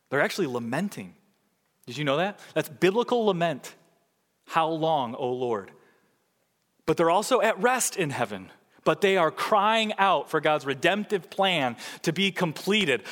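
A man preaching a sermon as pastor, swinging from loud emphatic peaks to hushed low passages. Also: lively intonation, unhurried, big-room sound.

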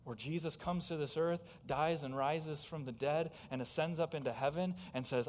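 A slightly high, slightly mellow male voice at normal speed preaches a sermon, emphatic and directly questioning the congregation. The setting is a church sanctuary, heard with long hall reverb.

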